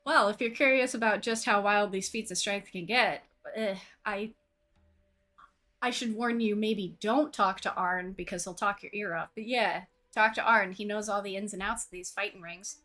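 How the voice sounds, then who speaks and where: A woman's voice: medium pitch, moderate pace, sharp tone. A woman playing a tabletop game in casual chat, talking freely and laughing often. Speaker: player. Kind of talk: casual tabletop role-play.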